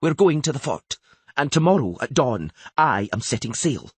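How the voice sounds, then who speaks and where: A man's voice: mid-range voice, sing-song, unhurried, slightly rough, no room sound, pitched above the performer's own voice. A man voicing an imperious older queen in an audiobook, cold and authoritative, raising his voice in anger. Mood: cold commanding.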